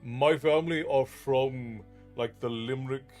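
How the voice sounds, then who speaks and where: A middle-aged man from Newfoundland with a mostly American-sounding accent and faint Newfoundland traces, chatting with his live chat and pausing often to think. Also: mid-range voice, a little mellow, faint music behind. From Newfoundland, Canada. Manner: pauses to think, frequent restarts. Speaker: streamer.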